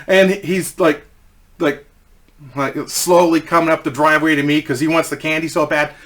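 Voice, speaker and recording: Middle-aged male vlogger, slightly high bright voice, loose swearing storyteller. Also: level tone, moderate pace. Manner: rambling, swearing, laughing often. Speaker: channel host telling a story. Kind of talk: casual storytelling vlog.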